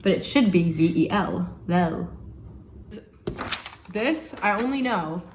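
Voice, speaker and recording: In a roomy-sounding recording with slight background noise, a young woman co-hosting a home vlog makes casual conversation, playful and teasing, laughing frequently. Her medium-pitched voice is expressive and moves at a moderate pace.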